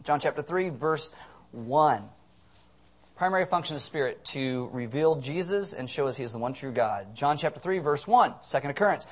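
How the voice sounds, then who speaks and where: Male pastor, conversational sermon with humor, a bit high-pitched, acts out quotes loudly. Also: animated, moderate pace. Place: church sanctuary.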